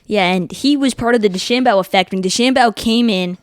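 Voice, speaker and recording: A young man co-hosting a casual sports talk show, eagerly explaining teams and tournaments in quick runs of facts. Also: sits high, no echo, studio quality.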